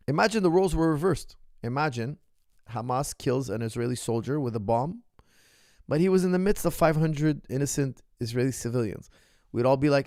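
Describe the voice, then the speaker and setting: Male coach-host, impassioned emphatic monologue, middling pitch, dry recording. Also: animated, a little fast, no room sound. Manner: emphatic, repetitive, rising to forceful outbursts. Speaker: martial arts coach hosting a Q&A.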